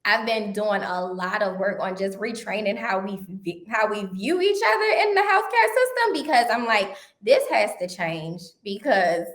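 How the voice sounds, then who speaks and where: A woman's voice: mid-range voice, sing-song, moderate pace, few pauses, a bit bright, reverberant. A woman interview guest, a healthcare consultant, speaking emphatically with rhetorical questions in casual conversation.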